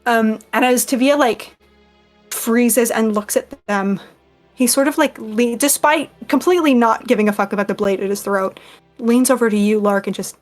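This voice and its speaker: A woman's voice: on the high side, normal speed, faint music behind. A woman running a tabletop game, narrating loosely with many fillers. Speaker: game master.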